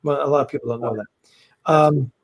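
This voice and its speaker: A man's voice: mid-range voice, fairly even intonation, normal speed. A man hosting a casual livestream chat from home, rambling with lots of fillers and restarts. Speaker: host. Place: home, fireworks outside.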